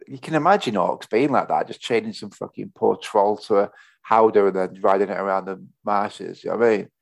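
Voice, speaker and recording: Gravelly, sweary podcast host. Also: male voice, fairly low pitch, a little fast, dry recording. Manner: sweary, enthusiastic banter. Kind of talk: casual chat.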